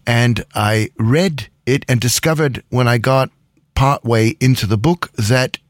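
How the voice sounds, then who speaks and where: A man's voice: medium pitch, unhurried, no room sound, clean studio sound. A man co-hosting a radio rock show, chatting casually, rambling and correcting himself with chuckles.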